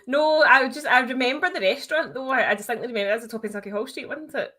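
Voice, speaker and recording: A woman's voice: high-pitched, racing, a crowd in the background. A woman with a Glasgow accent, co-hosting a podcast in casual chat and laughing often. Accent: Glaswegian. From Scotland. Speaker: podcast co-host.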